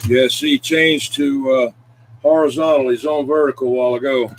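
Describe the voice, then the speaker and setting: A man's voice: mid-range voice, steady tone, moderate pace, heavy background noise. A man, talking in a laid-back, matter-of-fact way as a CB radio operator. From South Carolina, US. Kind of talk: casual CB radio chat.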